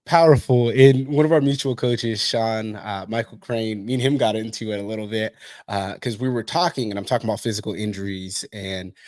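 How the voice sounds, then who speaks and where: Fast-talking blunt man, dry sound. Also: fairly low pitch, dry recording. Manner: blunt, swears freely, fast and energetic. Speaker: interview host, coach. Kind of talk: casual interview chat.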